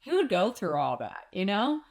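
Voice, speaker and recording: A woman's voice: medium pitch, very animated, creaky, darkish tone. A woman talking in a personal vlog, distressed and close to tears, searching aloud for answers. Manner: distressed and searching, slow with many pauses. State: on the verge of tears. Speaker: vlogger.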